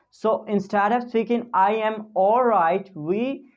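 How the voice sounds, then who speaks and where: A woman teaching spoken English pronunciation, talking casually to camera and slowly repeating model phrases for learners to copy. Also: medium pitch. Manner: many fillers and restarts, non-native phrasing.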